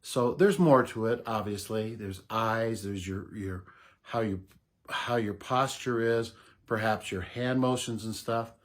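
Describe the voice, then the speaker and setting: A middle-aged man giving unhurried, casual advice to camera as a voice coach, explaining with soft laughs. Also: fairly low pitch.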